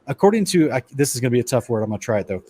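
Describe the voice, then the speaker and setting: A man presents a casual lecture-style Bible study in an animated, conversational way. His voice sits in an ordinary middle pitch. He talks straight to his listeners as guys and trips over words as he reads from his notes. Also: racing, slightly rough. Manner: animated, addresses listeners as guys, stumbles and restarts while reading.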